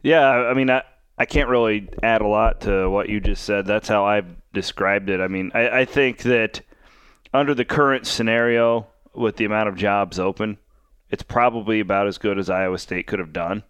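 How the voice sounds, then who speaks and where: Smooth-voiced male podcast host. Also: fairly low pitch, moderate pace, a bit bright, dry recording. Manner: friendly, reads ad spots then chats. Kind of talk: casual sports chat.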